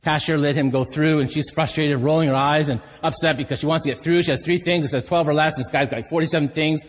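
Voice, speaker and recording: A man's voice: fairly high pitch, steady tone, quick pace. Candid male pastor in a reverberant hall. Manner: storytelling, candid and self-deprecating. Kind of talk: sermon. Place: church hall.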